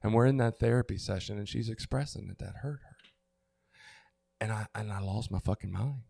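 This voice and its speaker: A man's voice: lowish voice, brisk, vocal fry, dark tone, no room sound. A middle-aged man on a recovery podcast, speaking openly and searching for words, restarting often and swearing now and then. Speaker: podcast co-host. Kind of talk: candid recovery podcast talk.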